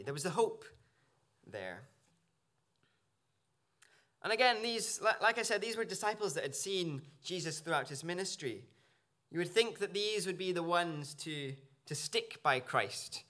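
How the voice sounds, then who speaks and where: A man's voice: high-pitched, expressive, measured pace, pushed and bright. A man preaching a sermon in earnest, searching tones, with small restarts as he works through a passage. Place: church.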